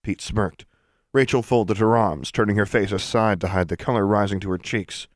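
Low-voiced male storybook narrator. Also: moderate pace, no echo, studio quality. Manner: steady storytelling, lively intonation. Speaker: audiobook narrator. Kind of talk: scripted fantasy narration.

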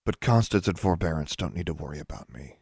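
A man voicing a sharp-tongued teenage witch girl with a curt, snappish way of talking. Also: low voice, lively intonation, fast, gravelly, husky, no echo, clean studio sound, exaggerated voice. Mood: subdued.

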